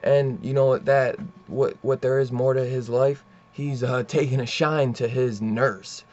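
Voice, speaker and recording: A man's voice: medium pitch, steady tone, unhurried, darkish tone, muffled recording. A young man casually retelling a comic plot, rambling and swearing, full of fillers and asides. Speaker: comic book reviewer. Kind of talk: casual comic book review.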